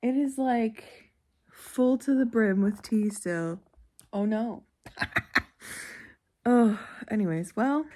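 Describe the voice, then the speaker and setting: A woman book vlogger chatting casually at home in a weekend vlog, expressive and quick to laugh. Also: a little high.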